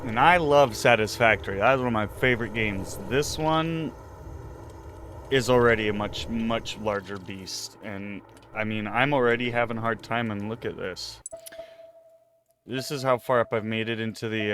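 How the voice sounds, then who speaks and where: A man streaming a game live, out of breath and chatting casually, sighing and laughing softly, sometimes turning from the mic. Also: on the low side, normal speed, a little hiss or hum. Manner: chatty, self-deprecating, sighs and laughs softly.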